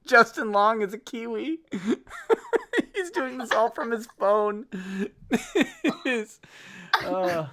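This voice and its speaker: A man's voice: very high-pitched, wildly swooping pitch, extremely slow, pauses often, pushed and bright. A man hosting a show, reading a book aloud with sarcastic asides and frequent laughter. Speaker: host. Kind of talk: mocking dramatic reading of a book.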